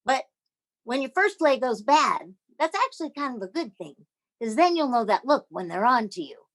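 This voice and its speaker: A woman voicing a gruff gang leader scolding. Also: very high-pitched, sing-song, normal speed, fairly bright tone, exaggerated voice. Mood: placating. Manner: harsh, bossy scolding.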